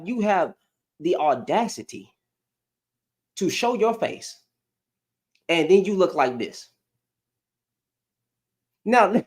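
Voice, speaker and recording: A young man with a high, swooping voice delivers a reaction commentary to his webcam at home. He rants and repeats himself, each line rising and falling in disbelief. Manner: ranting, repeats phrases, incredulous. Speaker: commentary vlogger. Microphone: computer webcam.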